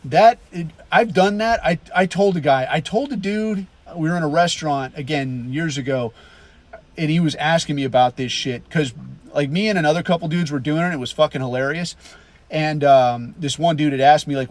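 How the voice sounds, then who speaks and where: A man's voice: fairly high pitch, a little fast. A man hosting a podcast, talking in a blunt, profane, casual monologue and acting out the lines of people he quotes. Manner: blunt, swearing constantly, brash; animated storyteller, acts out quotes. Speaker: podcast host.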